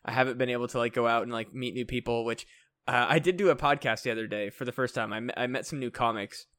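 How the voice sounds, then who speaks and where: A man co-hosting a podcast, a comedian talking in halting, rambling casual chat full of fillers and swearing. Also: medium pitch, fairly bright tone, no echo.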